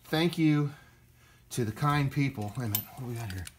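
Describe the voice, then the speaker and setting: A man of average pitch narrating his own brake job in a loose, chatty way. He mutters to himself and drops jokey asides as he works. The garage recording carries steady tool and clatter noise. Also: fairly quick. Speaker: DIY car repair host. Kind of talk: casual how-to narration while working.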